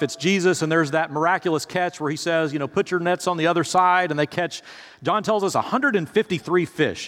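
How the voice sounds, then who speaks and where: A male pastor delivers a sermon like a story told in conversation, addressing his listeners directly. His voice runs somewhat high and slightly bright, and the sound echoes through a reverberant hall.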